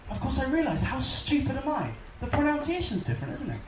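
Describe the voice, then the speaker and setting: A man's voice: very high-pitched, big pitch swings, fast talker, echoey room, far from the mic, a little hiss or hum, rough recording. A man with an English accent doing a stand-up set in a comedy club, teasing the crowd and mimicking other people. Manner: mocking, plays other voices.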